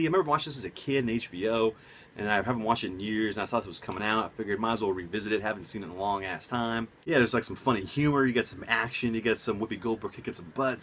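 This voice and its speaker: A young man, casually reviewing movies at home, rambling and excitable with lots of side notes. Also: on the low side, a little hiss or hum. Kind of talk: casual enthusiastic vlog. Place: home room.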